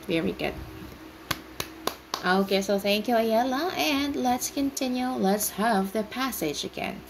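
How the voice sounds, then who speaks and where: A woman ESL teacher speaks at a slow, unhurried pace with a mid-range voice. She talks patiently and sounds out words syllable by syllable for her student. A faint hum sits behind her. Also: a little high, creaky. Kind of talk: online English lesson.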